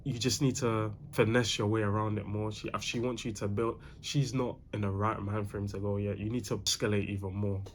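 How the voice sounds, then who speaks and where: Slangy young man, low voice. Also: flat delivery, fairly quick, few pauses, a little hiss or hum. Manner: slangy, repeats himself, calls the viewer bro. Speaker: dating advice host. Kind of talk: casual advice talk.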